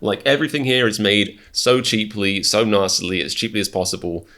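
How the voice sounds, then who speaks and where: A man's voice: on the low side, fairly quick, sharp tone. A British man hosting a reaction video, rambling through self-mocking rants with many restarts. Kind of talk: casual reaction commentary.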